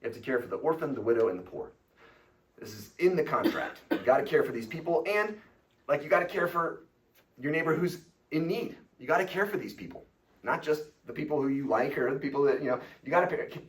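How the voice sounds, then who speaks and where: Animated man lecturing from a distance. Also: a little high. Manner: animated, informal, with casual fillers and quick asides. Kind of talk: church lecture. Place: church hall.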